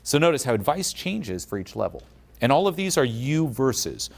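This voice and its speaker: Animated man giving a motivational talk. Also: mid-range voice, moderate pace, creaky. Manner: animated, acts out quoted voices. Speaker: speaker. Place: conference stage.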